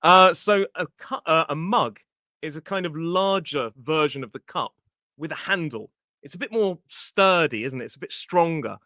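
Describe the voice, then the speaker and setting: A man's voice: on the high side, moderate pace, sharp tone, dry recording, clean studio sound. A British man hosting a casual podcast, explaining vocabulary for English learners in a friendly way. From Britain. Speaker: podcast host and English teacher.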